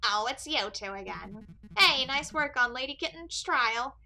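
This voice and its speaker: Brash game guard, woman reading, mocking and loud, bright tone. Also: sits high, animated, unhurried, vocal fry, heavily acted. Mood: smug.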